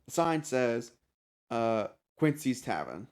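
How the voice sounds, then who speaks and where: A man's voice: mid-range voice, big pitch swings, a little mellow, smooth. A man narrating as game master for a tabletop game, hesitant with frequent restarts. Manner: halting, many restarts and fillers.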